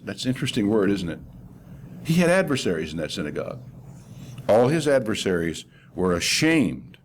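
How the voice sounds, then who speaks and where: A man's voice: lowish voice, slight background noise. An older man preaching a sermon, telling a scripture story in a conversational way and acting out the quoted voices with animation.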